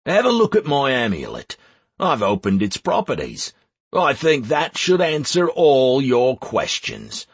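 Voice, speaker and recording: A man's voice: mid-range voice, wildly swooping pitch, measured pace, husky, no room sound, pitched above the performer's own voice, full character voice. A man voicing a cheeky, sarcastic male rogue in an audiobook. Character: cocky mocking male rogue.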